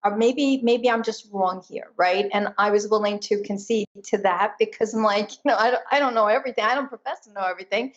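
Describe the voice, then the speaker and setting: A woman guest telling a personal story in an animated, emphatic way during a conversation. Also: mid-range voice, fairly quick, few pauses, dull audio. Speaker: guest, energy intuitive.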